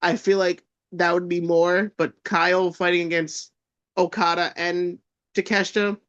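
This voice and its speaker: A man's voice: high voice, level tone, moderate pace, fairly bright tone. A man co-hosting a podcast in casual wrestling chat, hesitant and stumbling over words, with crude jokes. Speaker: podcast co-host. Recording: dull lo-fi sound.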